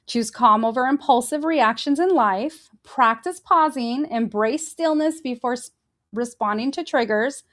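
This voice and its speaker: Brief: middle-aged woman, slightly high voice, faith podcast host, lively and laughing. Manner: animated, laughs often, acts out inner voices. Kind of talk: faith-based motivational talk.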